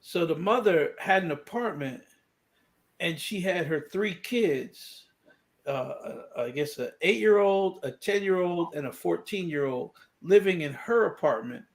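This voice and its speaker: A man joins a casual live stream and recounts a story in a matter-of-fact tone. His voice is gravelly and pitched slightly high for a man. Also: lively intonation, measured pace. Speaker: livestream guest. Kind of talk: casual livestream chat, storytelling.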